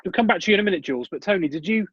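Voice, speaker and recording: Male host, quick talker, raised pitch, dull dry video call sound. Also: animated, breathy edge, dry recording. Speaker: host interviewer. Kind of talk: casual interview.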